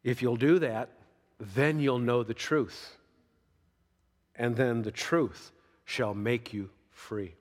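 A middle-aged male pastor preaches in a folksy, emphatic way, with a voice of medium pitch. He jumps up for emphasis and falls back to near hushes. His voice rings with a long reverb in a large church hall. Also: slow pace, pauses often. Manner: folksy, emphatic preaching with sudden rises and soft drops. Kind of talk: sermon.

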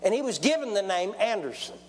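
A man's voice: high voice, big pitch swings, quick pace. A man, preaching a testimony sermon in a folksy storytelling way and calling for amens. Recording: long church hall reverb.

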